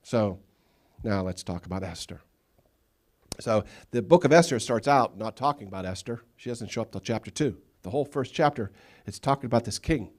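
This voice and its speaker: A pastor preaching a sermon, telling Bible stories with humor and acting out the characters' lines. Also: male voice, on the low side, moderate pace. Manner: animated storytelling, acting out biblical characters with humor. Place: church sanctuary.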